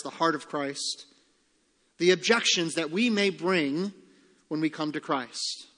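A man preaching a sermon as pastor, earnest and emphatic, slowing down and dropping soft on key phrases. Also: fairly high pitch. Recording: long reverb of a large hall.

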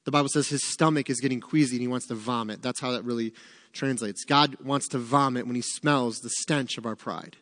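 A man teaching a Bible study in a conversational sermon style, animated and chatty with joking asides. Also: medium pitch, brisk, long reverb tail.

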